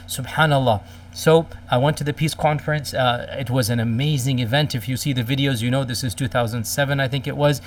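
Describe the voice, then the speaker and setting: A man's voice: medium pitch, steady tone, fast, recorded from a distance, a little hiss or hum. A middle-aged man telling a personal story in a casual, rambling way, with many fillers and Arabic religious phrases. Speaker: speaker recounting a personal story.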